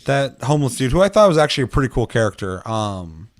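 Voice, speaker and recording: A man's voice: mid-range voice, quick pace. A man co-hosting a gaming podcast, telling a story in casual chat, swearing freely and acting out quotes. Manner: profane, animated storytelling with acted-out quotes. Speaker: podcast co-host.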